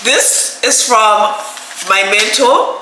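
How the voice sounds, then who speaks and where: A woman's voice: on the high side, animated, drawn-out words. A young woman, unboxing gifts in a casual vlog, gushing, emotional and laughing often. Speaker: vlogger. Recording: echoey room, background noise.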